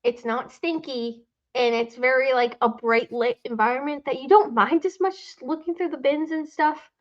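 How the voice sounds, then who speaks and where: A woman's voice: high voice, fairly even intonation, moderate pace. A woman co-hosting a podcast in casual chat, with a wry, teasing manner. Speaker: podcast co-host. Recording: dull lo-fi audio.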